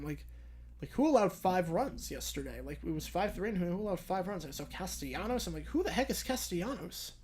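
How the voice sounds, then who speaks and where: A man's voice: a little high, a little mellow, slightly rough. A young man hosting a live stream, chatting casually with viewers and answering their questions, rambling and correcting himself, drowsy and yawning.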